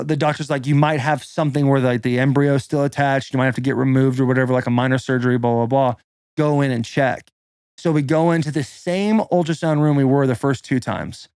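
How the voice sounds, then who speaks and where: Give me a man telling a personal story on a podcast, casual and profane, at a middling pitch, recorded dry. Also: a little mellow, dry recording. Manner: loose and profane, full of "like" fillers.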